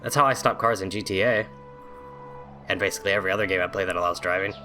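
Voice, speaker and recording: A man's voice: sits low, fast talker, sharp tone, faint music behind. A young man casually commenting on a video game, reading its text aloud, joking sarcastically and swearing often. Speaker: video game let's play host.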